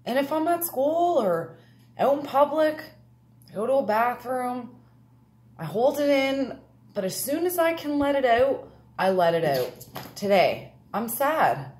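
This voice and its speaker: A woman's voice: high-pitched, very animated, unhurried, darkish tone. A woman giving an earnest, confessional personal talk about feeling your feelings. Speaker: speaker.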